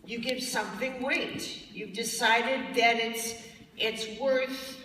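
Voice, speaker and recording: A woman lectures a live audience, blunt and emphatic, and now and then she mocks the tones of voice people use. Her voice is bright and forceful. It is caught from a distance in a large hall with long reverb. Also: a little high, fairly even intonation, slow, slight background noise. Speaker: spiritual speaker. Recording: echoey hall from far off.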